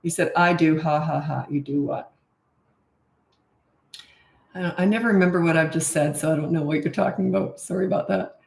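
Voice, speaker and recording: A woman's voice: on the low side, fairly quick, gravelly, pauses often, a little mellow. A middle-aged woman hosting a casual live Q&A as a parenting coach. She reads out viewer questions and answers them frankly and chattily into a camera mic. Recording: roomy echo.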